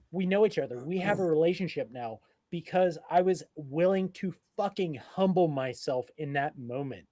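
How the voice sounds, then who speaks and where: A man with a voice a little higher than most tells a story on a live podcast. He is emphatic and profane and retells it in an animated way. The sound is close and dry, with no room around it. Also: moderate pace, hardly any pauses, no room sound. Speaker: podcast co-host. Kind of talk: casual storytelling.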